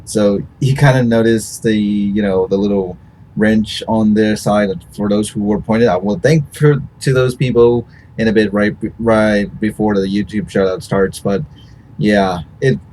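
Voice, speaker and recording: Halting low-voiced male streamer. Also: fairly even intonation, darkish tone, slight background noise. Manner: halting, many restarts and fillers. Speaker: host and streamer. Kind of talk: casual post-show chat.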